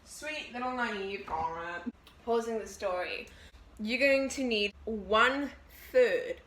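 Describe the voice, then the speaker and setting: A woman in her twenties with a slightly bright, high-leaning voice speaks slowly while baking for her vlog. In a casual story-time chat she swears freely and jumps between the recipe and her tale.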